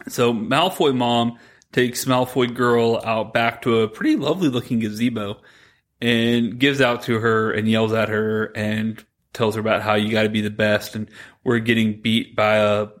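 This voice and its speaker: A man co-hosting a podcast, retelling a movie plot in a rambling, animated way, quoting the characters as he goes. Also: on the low side, normal speed. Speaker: podcast co-host. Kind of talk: casual chat recapping a movie.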